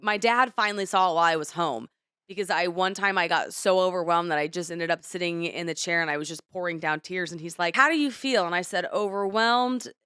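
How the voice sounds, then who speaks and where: Young woman co-host, lowish smooth voice, dry close sound, candid rambling chat. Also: fairly even intonation, fast, fairly bright tone, no room sound. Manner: candid, rambling, emotional retelling. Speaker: podcast co-host. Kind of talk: casual chat.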